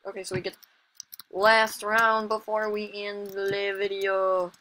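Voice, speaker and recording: A woman casually commentating her own online gameplay as a channel host, chatty and excitable, with sudden exclamations and self-mocking remarks. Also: medium pitch, slow.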